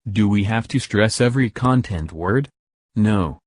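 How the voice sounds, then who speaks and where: A man explaining English sentence stress in a recorded lesson, slowing to stress his example words. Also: lowish voice, animated, no room sound, clean studio sound. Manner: slow, deliberate word-by-word emphasis on examples. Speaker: English teacher.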